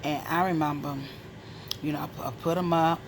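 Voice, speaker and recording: A woman from Maryland casually telling a personal story, animated and frank with profanity, often dropping into a hushed whisper. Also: deep voice, a little fast, background noise. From Maryland, USA.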